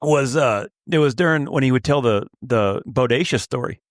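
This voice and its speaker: A man hosting a podcast, chatting and trading stories in a relaxed, easygoing way. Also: medium pitch, normal speed, no room sound, studio quality. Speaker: podcast host. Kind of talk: casual chat.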